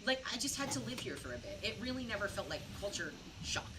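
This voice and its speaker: A woman's voice: mid-range voice, big pitch swings, fast talker. A young American woman streaming a game while tipsy, rambling through a story in a casual, filler-heavy way. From United States. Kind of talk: casual gaming stream chat. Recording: distant mic with background noise.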